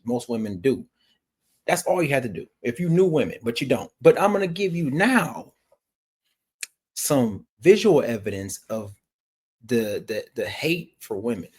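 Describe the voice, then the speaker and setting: A man's voice: on the high side, darkish tone. A man hosting a reaction video, lecturing the viewer emphatically and repeating his points. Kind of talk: reaction commentary.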